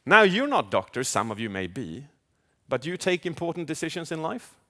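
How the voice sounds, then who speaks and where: A man speaking as a communication coach in a live keynote, animated, asking the audience questions and acting out inner voices. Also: a little high, fairly quick. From Sweden. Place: large event hall. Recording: long hall reverb.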